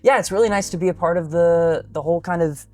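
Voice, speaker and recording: A man in his twenties, a singer-songwriter guest, answering interview questions in an easygoing, grateful way with quick restarts. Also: on the high side, dark tone, soft background music. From Canada. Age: 20s.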